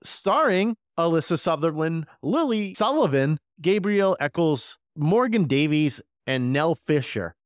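A man hosting a horror movie podcast in casual chat, excited and swearing freely. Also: fairly high pitch, a little slow, few pauses, no room sound, clean studio sound. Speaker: podcast host.

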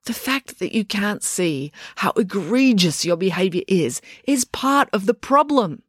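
A woman's voice: medium pitch, expressive, a little slow, breathy edge, no echo, clean studio sound. A woman voicing a fussy male school guidance counsellor who lectures with exasperation. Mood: exasperated lecturing.

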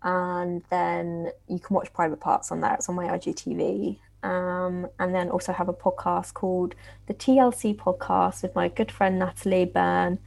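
A woman's voice: fairly low pitch, little pitch movement, moderate pace, gravelly, a little mellow. A woman guest on a podcast, talking casually with many fillers and easy laughs. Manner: laughs easily, hesitant fillers. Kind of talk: casual interview talk.

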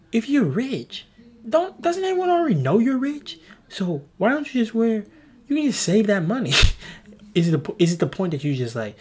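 Rambling, self-mocking young man. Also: mid-range voice. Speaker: podcast host. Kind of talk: casual solo podcast rambling. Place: room at his family home.

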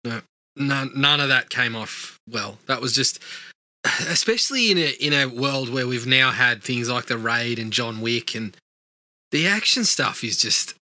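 Aussie guy on a movie podcast, laid back, middle pitch, agrees a lot. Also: no echo. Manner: relaxed, agreeable, sweary. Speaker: film podcast co-host. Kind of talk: casual film review chat.

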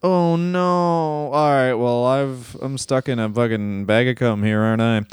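A man's voice: mid-range voice, steady tone, a little slow, smooth, no room sound. A man in his thirties co-hosting a podcast, talking in a crude, rambling, self-mocking way. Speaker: podcast co-host. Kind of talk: casual comedic chat.

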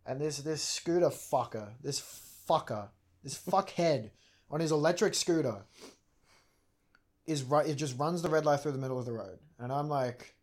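A young man co-hosting a podcast, telling stories in casual chat with lively, sweary delivery. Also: a little high, moderate pace. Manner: animated storytelling with swearing. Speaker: podcast co-host.

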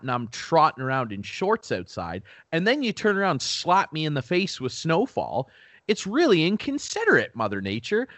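A man's voice: on the high side, a bit bright, no echo. A young man from Canada co-hosting a podcast, ranting in casual chat and swearing freely. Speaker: podcast co-host.

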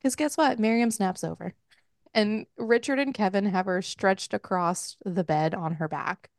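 Woman, podcast host, casual book recap, frank, filler-heavy, raspy fry. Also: mid-range voice, measured pace, no room sound, clean studio sound. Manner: chatty and frank, lots of "like" fillers.

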